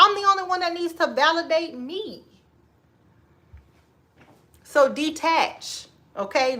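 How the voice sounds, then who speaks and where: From her home kitchen, a woman in her forties hosts a casual livestream, sassy and expressive, laughing often as she gives advice to viewers she calls "girl" and "baby." Her voice sits high, and she uses Southern Black American vernacular turns.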